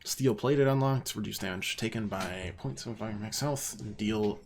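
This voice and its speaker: A man's voice: on the low side, moderate pace, background noise. A man streaming a video game, chatting casually, reading menus aloud and poking fun at himself. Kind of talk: casual let's play commentary.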